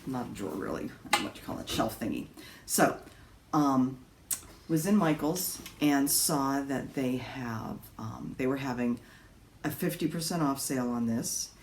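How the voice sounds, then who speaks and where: A woman's voice: rumbling low, normal speed, darkish tone, slight background noise. A woman chatting casually to camera from her apartment about her crafts, rambling with lots of ums and little laughs. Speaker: cross stitch vlogger. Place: home in an apartment.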